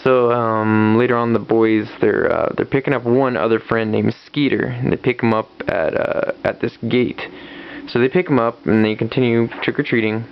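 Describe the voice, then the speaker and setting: A man's voice: medium pitch, fairly even intonation, normal speed, gravelly, slight background noise. A man casually reviewing a comic book, retelling the story with lots of fillers and restarts. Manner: rambling, many fillers and restarts. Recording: dull lo-fi recording.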